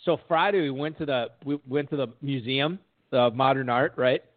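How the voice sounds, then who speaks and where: A man's voice: medium pitch, normal speed. A man hosting a podcast, telling stories in casual chat and laughing often. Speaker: podcast host. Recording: tinny phone-like audio.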